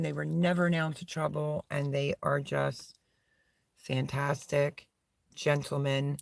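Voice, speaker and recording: A woman's voice: low voice, vocal fry, dry recording. A middle-aged woman chatting casually on a live stream from a small camping setup, rambling and talking to her dog between thoughts.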